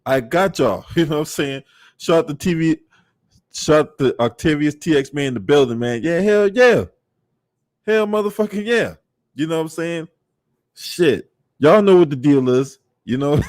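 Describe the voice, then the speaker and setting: Man, livestreamer, casual chat, profane, laughing, slightly high voice, dry sound. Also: expressive, normal speed, dry recording. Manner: profane, laughing, shouting out viewers.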